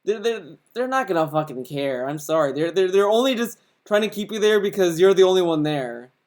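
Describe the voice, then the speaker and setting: A man's voice: high voice, lively intonation, brisk, a little mellow. A man giving reaction commentary in a sarcastic, profane, mocking manner.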